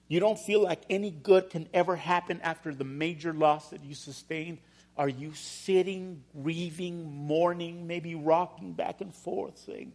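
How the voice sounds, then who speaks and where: A man pastor preaching a sermon in church, firing rhetorical questions with emphasis. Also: high voice.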